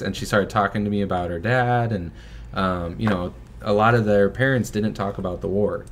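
A man's voice: on the low side, moderate pace, slight background noise. A young man, a filmmaker, chatting casually and loosely on a livestream, with many fillers and small laughs. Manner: relaxed, filler-heavy, chuckles often. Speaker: filmmaker guest, son of host. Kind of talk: casual livestream fundraising chat.

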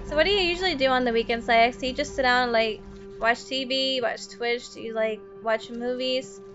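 A woman streamer giving casual, profane gameplay commentary, chatting with viewers and breaking into laughs and loud outbursts. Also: on the high side, brisk. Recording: dull lo-fi stream audio with faint music.

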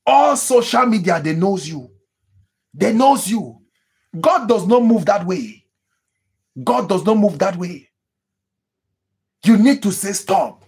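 A man preaching as a pastor, with emphatic repetitions, sudden high cries. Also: animated, slow, pauses often, darkish tone, breathy edge. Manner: mimics people praying in tongues. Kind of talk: sermon.

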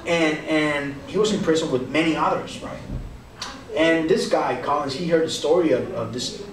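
A young man with a Texan accent leads a youth sermon in a casual, animated way, acting out little quotes. His voice sits high. It echoes around a church hall, heard from some distance. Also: normal speed, a crowd in the background. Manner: animated, conversational, acts out quotes. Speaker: youth pastor. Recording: echoey hall, speaker off-mic. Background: audience answering now and then.

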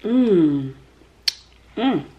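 Slow, savoring woman mukbang host. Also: on the low side, very animated, narrow, tinny audio. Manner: savoring murmurs between bites; gushing about the food. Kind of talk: mukbang eating vlog chat.

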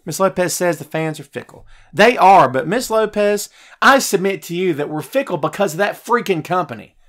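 A male podcast host goes on a heated wrestling rant at normal speed, his high, very lively voice leaping up and dropping low as he gets fired up. Answering his live chat, he swings between loud outbursts and muttered asides.

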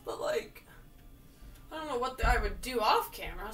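A woman giving casual, jokey commentary while she plays a video game, with sudden loud outbursts. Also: a little high, expressive, moderate pace, long pauses, far from the mic, faint music behind. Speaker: gamer playing through a video game.

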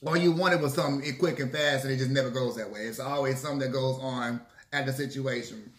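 A man telling a story casually to his viewers, lively and swearing freely. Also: mid-range voice, fast talker. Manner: animated, acts out quotes, swears freely. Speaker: mukbang vlogger. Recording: echoey room.

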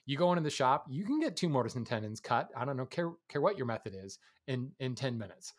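Relaxed man explaining woodworking on a podcast. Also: mid-range voice, fast. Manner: relaxed, explanatory, laughs easily. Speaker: podcast co-host and woodworking teacher. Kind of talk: casual podcast chat.

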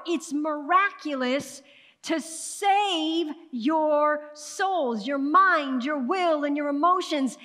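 High bright-voiced woman pastor preaching. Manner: preaching with call-and-response asides to the congregation; swings from hushed asides to loud emphatic bursts. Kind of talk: sermon. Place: church sanctuary. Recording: long hall reverb of a church sanctuary.

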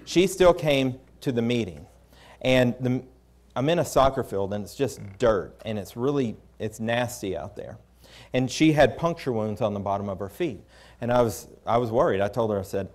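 A man's voice: mid-range voice, animated, normal speed, darkish tone. A man preaching a sermon, recounting his experiences in a candid, conversational way with frequent restarts. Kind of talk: storytelling sermon.

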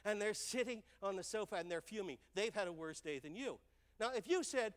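An older man giving a stage talk, telling lively stories and checking in with the audience with "right?" and "okay?". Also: sits high, brisk, long reverb tail. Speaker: speaker. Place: large hall on stage.

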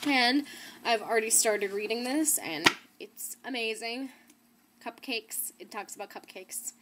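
A woman's voice: on the high side, a little slow, very noisy. A young woman in her teens hosting a casual book haul vlog, bubbly and gushing, with giggles and fillers. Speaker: book vlogger. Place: indoor room, not her usual one.

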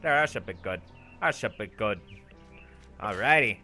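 A man giving goofy, boastful let's-play commentary, shouting when excited, with game music behind. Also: fairly low pitch, normal speed, long pauses. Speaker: gaming channel host.

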